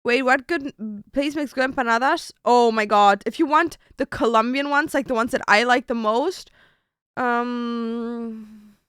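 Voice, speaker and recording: Chatty young woman streamer, smooth voice. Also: a little high, a little slow, a bit bright, no echo, clean studio sound. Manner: chatty, swears casually, thinks aloud while ordering food. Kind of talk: casual chat to stream viewers.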